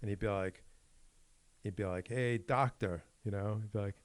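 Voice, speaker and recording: A man co-hosting a podcast, telling animated stories and laughing his way through them. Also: fairly low pitch, fairly quick, dry recording. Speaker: podcast co-host. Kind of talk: casual podcast chat.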